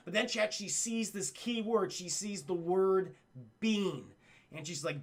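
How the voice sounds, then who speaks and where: A man hosting a livestream cartoon review, excitable and profane, who keeps talking to his chat. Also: high voice, unhurried. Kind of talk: casual livestream commentary.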